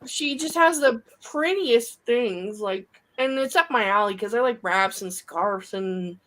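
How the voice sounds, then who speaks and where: A woman's voice: on the high side, lively intonation, a little slow, a bit bright. A woman chatting casually on a livestream in an enthusiastic, rambling way. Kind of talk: casual chat.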